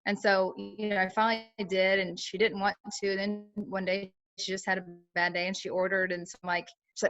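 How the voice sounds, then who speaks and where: A woman's voice: medium pitch, level tone, fairly quick, hardly any pauses, a bit bright, dull audio. A woman chatting casually on a team call, full of fillers and acting out what others said. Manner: chatty, lots of fillers, acts out quoted talk. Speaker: team member sharing her experience.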